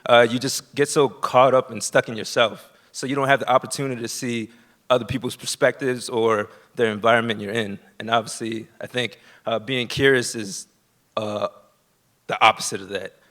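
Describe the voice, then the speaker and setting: Male storyteller, from Florida, bright tense voice, nervous, lots of fillers, live theater stage. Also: mid-range voice, steady tone. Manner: nervous, halting with many fillers.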